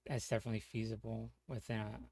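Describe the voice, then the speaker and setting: A man's voice: lowish voice, level tone, quick pace, darkish tone, no echo. A man talking casually as a streamer, rambling with lots of fillers, restarts and casual swearing.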